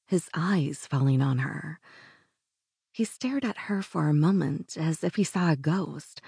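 A woman reads a first-person romance audiobook in an intimate, breathy manner, sometimes sinking to a whisper. Her voice sits low and gravelly, with an unhurried pace and a dark, husky tone. The recording is dry and close. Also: no room sound. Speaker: audiobook narrator.

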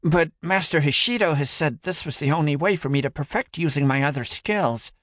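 A man's voice: on the high side, fairly quick, no room sound, clean studio sound, pitched above the performer's own voice, lightly acted. Man voicing a nervous young trainee. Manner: nervous, wavering. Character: anxious young male teleporter trainee.

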